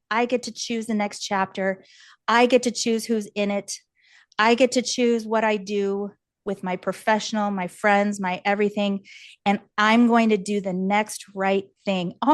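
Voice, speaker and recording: A woman as a podcast guest, telling a candid personal story in an animated, earnest way, laughing often and acting out what others said. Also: mid-range voice, no echo. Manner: animated, laughs often, acts out quoted voices; earnest and encouraging.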